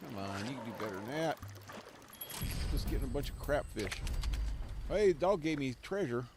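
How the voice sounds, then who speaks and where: A man streams a video game from a cold room at home, casually chatting and joking to himself about what happens on screen. He has a medium-pitched voice with big pitch swings, speaks at normal speed, and there's background noise.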